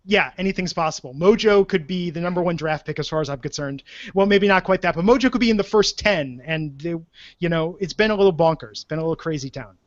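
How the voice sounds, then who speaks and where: A man hosting a podcast in casual chat, with a jokey, animated way of making asides. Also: fairly high pitch, fast talker, no room sound. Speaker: podcast host. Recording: dull, dry lo-fi podcast audio.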